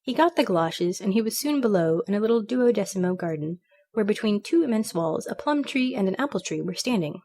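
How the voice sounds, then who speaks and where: A woman's voice: mid-range voice, lively intonation, a little fast, dark tone. Woman narrating a fairy tale. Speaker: storybook reader. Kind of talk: scripted narration.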